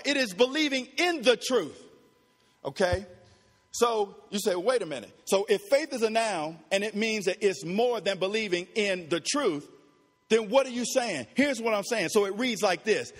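A man preaching with a strikingly high voice. He drives his points home by repeating phrases, dropping into quiet low asides, then rising to shouted peaks. His words ring out with the long reverb of a church hall. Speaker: pastor. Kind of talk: sermon.

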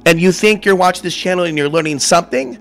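A man from Portland delivering an impassioned sermon monologue, theatrical and swinging from murmurs to shouts. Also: sits high, fast, soft background music. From Portland, Oregon. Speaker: self-styled preacher.

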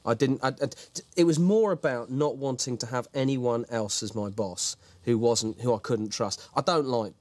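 A man's voice: lowish voice, lightly acted. An actor playing a vain, grandiose male horror writer who stars in his own series, speaking pompously in a mock documentary interview. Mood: self-important. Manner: self-important, pompous.

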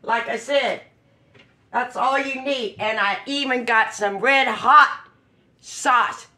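A bright, slow-talking woman hosts her home cooking show, full of exuberant whoops. She talks through her dish at an unhurried pace in an echoey kitchen, with faint music under her voice. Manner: exuberant, frequent high whoops. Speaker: cooking channel host. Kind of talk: casual home cooking demo.

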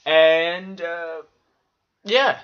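A man's voice: fairly high pitch, drawn-out words, lo-fi sound, background noise. A man telling profane, rambling stories from childhood in a casual vlog. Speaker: vlogger. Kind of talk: casual storytelling.

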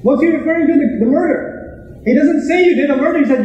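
Male preacher, high voice, quick animated storytelling, booming mosque echo. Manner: animated, conversational storytelling, acts out quotes. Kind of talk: Friday sermon. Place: mosque prayer hall. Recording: echoey hall, mic at distance.

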